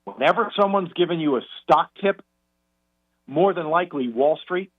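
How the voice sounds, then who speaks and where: A man calling in to a radio show as a guest financial commentator, explaining in a measured way with frequent restarts. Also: on the high side, expressive. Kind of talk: phone-in radio chat. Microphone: telephone call. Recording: tinny phone line.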